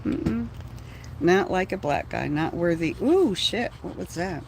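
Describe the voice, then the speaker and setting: A woman's voice: on the low side, animated, a little slow, gravelly, darkish tone. Woman from texas cussing and narrating from her car, voice jumps all over, noisy phone audio. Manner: swearing, laughing, mocking. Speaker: vlogger filming police. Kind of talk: casual running commentary. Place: inside a parked vehicle.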